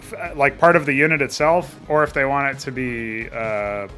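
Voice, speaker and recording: A man's voice: mid-range voice, animated, moderate pace, sharp tone, soft background music. A man giving casual, chatty let's-play commentary in a sardonic tone, swearing often. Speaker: gaming commentator.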